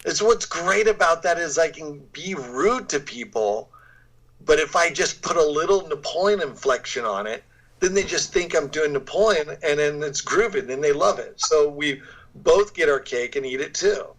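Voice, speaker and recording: A man's voice: fairly high pitch, lively intonation, normal speed, fairly bright tone, rough recording. An American man, a guest actor, chatting casually in an interview and laughing often. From United States. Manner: laid-back, laughs often.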